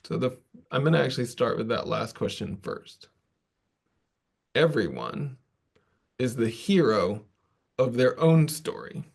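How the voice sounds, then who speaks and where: A man's voice: medium pitch, expressive, measured pace, creaky, long pauses, a little mellow, slightly rough. Casual man telling a work story. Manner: casual, self-deprecating, loose asides. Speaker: conference presenter. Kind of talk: conversational storytelling talk.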